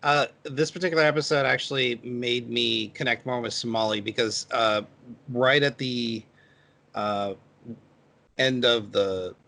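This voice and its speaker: A man in his thirties on a casual anime podcast, telling a story with many pauses and fillers. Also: mid-range voice, steady tone, gravelly, pushed and bright. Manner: halting, filler-heavy storytelling. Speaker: podcast co-host.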